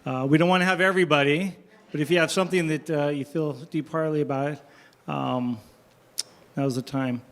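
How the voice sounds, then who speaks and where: A man's voice: a little high, steady tone, brisk. A man chairing a city council meeting, calling up speakers with lots of hesitant fillers. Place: council chamber.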